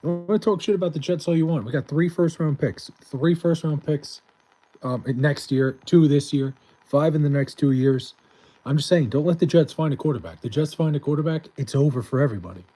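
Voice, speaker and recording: A man's voice: fairly high pitch, fast talker, dark tone. A man chatting casually on a live stream, reading and answering chat messages in a rambling, swearing way, his voice mostly gone so he half-whispers.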